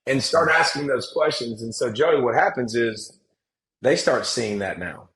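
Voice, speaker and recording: A man, telling stories as a podcast guest, emphatic and animated, often restarting his sentences. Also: medium pitch, a little slow, slight background noise, poor audio. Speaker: guest, former football player and analyst. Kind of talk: casual podcast conversation.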